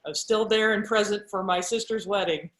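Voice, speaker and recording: Lively woman storyteller in echoey room. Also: mid-range voice, fairly quick. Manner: lively, acts out quoted dialogue. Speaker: sports broadcaster guest. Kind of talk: conversational storytelling.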